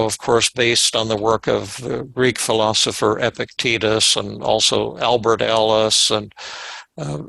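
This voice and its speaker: An older man, a psychiatrist, teaching a webinar through a case story, with halting speech and frequent repeated words. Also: mid-range voice, vocal fry, bright, forceful tone, dry recording, rough recording. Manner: halting, repeats words, acts out quoted dialogue.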